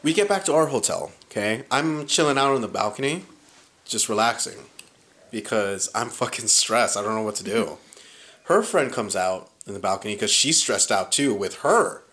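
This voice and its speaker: A man in his thirties casually telling a story in a podcast chat, animated and swearing often, acting out what people said. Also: fairly low pitch, moderate pace. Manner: animated, profane, acts out quoted lines.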